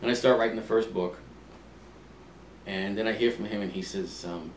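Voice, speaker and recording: A man's voice: on the low side, fairly even intonation, normal speed. Older man telling stories in a roomy space. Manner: recounts events by acting out past conversations, with frequent ums and restarts. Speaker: author being interviewed. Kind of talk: relaxed anecdotal storytelling. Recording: roomy, distant mic, faint ambient hum.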